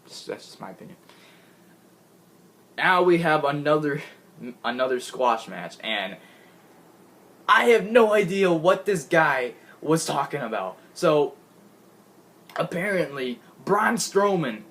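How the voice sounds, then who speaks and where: A man giving an excitable, gushing casual recap of a show he watched, laughing often and restarting his sentences. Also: a little high, slow, long pauses. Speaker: wrestling fan recapping a show.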